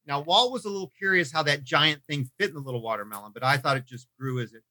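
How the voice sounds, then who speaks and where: Man, casual film chat, animated and chatty, slightly high, bright tone. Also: quick pace. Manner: chatty, animated, laughs often, trails off and restarts. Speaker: podcast co-host.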